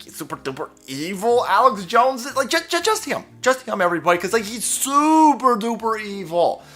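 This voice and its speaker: A man's voice: high voice, a bit bright. A man hosting a ranting political commentary, sarcastic and mocking, swearing often and mimicking others in exaggerated voices, with laughs between lines. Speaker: commentary channel host.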